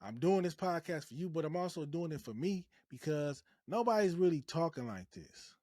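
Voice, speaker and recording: A man hosting a podcast, giving blunt, profane advice and hammering points home by repeating them, with loud outbursts and quieter asides. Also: expressive, a little fast, dry recording, clean studio sound. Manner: emphatic and repetitive, swinging between loud outbursts and low asides. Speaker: podcast host. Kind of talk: preachy podcast monologue.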